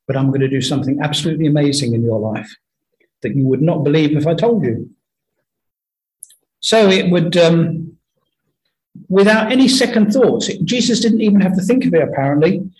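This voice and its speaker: Earnest man preaching, slightly high voice. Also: rough recording. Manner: earnest, anecdotal, halting with many restarts. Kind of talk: conversational sermon.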